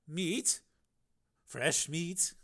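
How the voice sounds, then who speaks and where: A man's voice: on the high side, expressive, drawn-out words, fairly bright tone, no echo, studio quality, voice pushed up, heavily acted. A man voicing a starving, terrified tunnel dweller in an audiobook, speaking in a trembling, pleading voice. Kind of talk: audiobook character voice.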